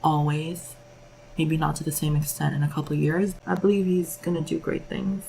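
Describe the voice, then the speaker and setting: Young female beauty vlogger, casual and candid, with a low, gravelly voice. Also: flat delivery, normal speed, mellow, slight background noise, low-quality recording. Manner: candid, rambling, peppered with 'like'. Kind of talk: casual makeup vlog chat.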